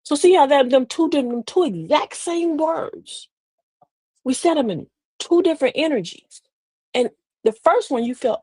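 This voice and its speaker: Female live-stream host; folksy, preachy delivery, fairly high voice, dry close mic. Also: lively intonation, unhurried, a little mellow, no room sound. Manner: folksy and preachy, addresses listeners as beloved, laughs often. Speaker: host of a live talk show. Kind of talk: live-stream talk with viewer shout-outs.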